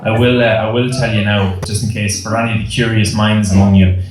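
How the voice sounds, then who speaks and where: A man's voice: fairly low pitch, level tone, a little fast. A young Irish man, a singer, chatting and telling jokey stories to a live concert audience in a self-mocking way. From Ireland. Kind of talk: on-stage storytelling banter. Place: concert hall on stage. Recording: live hall echo, music behind.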